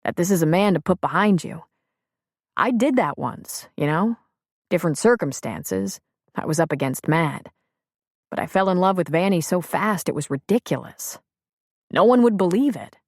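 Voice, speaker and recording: A woman voicing a frank, plain-spoken man on the phone in an audiobook, gently persuasive. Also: fairly low pitch, expressive, moderate pace, dry recording, clean studio sound. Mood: earnest. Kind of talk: audiobook character reading.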